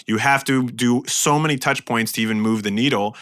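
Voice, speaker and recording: A man co-hosting a business podcast, explaining go-to-market strategy in a lively, filler-heavy conversational way. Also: medium pitch, a little fast. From United States. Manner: animated, explanatory, many fillers. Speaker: podcast co-host. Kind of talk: casual business podcast chat.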